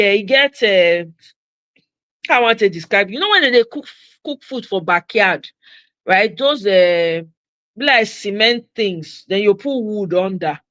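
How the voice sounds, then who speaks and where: Nigerian woman host, playful and chatty with her live viewers, mid pitch, dry close mic. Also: fairly bright tone, dry recording, lo-fi sound. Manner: playful, switching into Pidgin, laughing often. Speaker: livestream host. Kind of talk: casual livestream chat with viewers.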